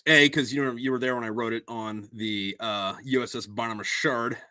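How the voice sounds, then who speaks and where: A man's voice: medium pitch, steady tone, normal speed, pushed and bright, dry recording. A man hosting a casual podcast chat, rambling loosely, swearing often and stumbling over restarts. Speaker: podcast host and author.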